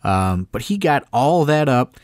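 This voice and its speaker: A man's voice: mid-range voice, very animated, a little slow, no echo, studio quality. A man co-hosting a podcast, telling backstage stories in a rambling casual way, full of fillers and some swearing. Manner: rambling, filler-heavy storytelling with mild swearing. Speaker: podcast co-host, wrestling promoter. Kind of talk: casual chat.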